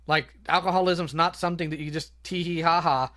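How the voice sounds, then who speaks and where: A man's voice: on the high side, steady tone, fairly quick, fairly bright tone. A man hosting a live stream, ranting scornfully at a video clip over voice chat. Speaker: streamer host. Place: home, voice chat.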